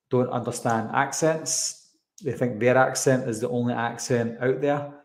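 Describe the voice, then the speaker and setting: A man's voice: mid-range voice, a little mellow. Man chatting in a roomy echo. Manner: chatty, rambling, frequent fillers. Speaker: live stream host. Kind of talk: casual live chat reading viewer comments.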